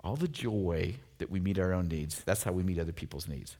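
A man's voice: low-pitched, fairly quick. A man preaching a sermon in a casual, conversational way, with lots of rhetorical questions. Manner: conversational and animated, full of filler likes and rhetorical questions. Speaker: pastor.

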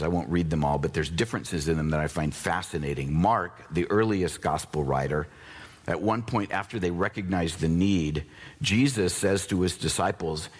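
A man preaching a sermon as pastor, talking casually and conversationally, jumping between excited high bursts and low earnest asides. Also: breathy edge.

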